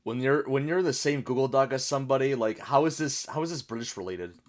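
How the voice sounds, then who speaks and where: A man from the United States with a mid-range voice hosts a casual YouTube reaction video at a brisk pace. He rambles through chatty explanations and laughs often.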